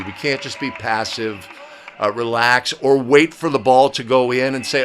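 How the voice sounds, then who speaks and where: A man's voice: mid-range voice, normal speed, a bit bright, slight background noise. A man hosting an instructional video for basketball officials, talking through game footage in a coaching manner and often checking in with "right?". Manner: coaching, emphatic, with frequent "right?" tags.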